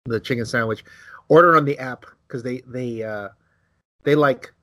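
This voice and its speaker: A man co-hosting a podcast, telling a casual story, acting out quotes with big jumps in his voice and swearing freely. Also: normal speed. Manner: animated, acts out quotes with big pitch jumps. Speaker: podcast co-host.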